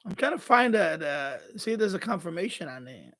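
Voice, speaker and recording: Male live-streamer, exasperated and profane, very high pitch, casual rant. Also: sing-song, brisk, a bit bright. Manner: exasperated, swears freely. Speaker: radio hobbyist live-streamer. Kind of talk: ranting live-stream chat.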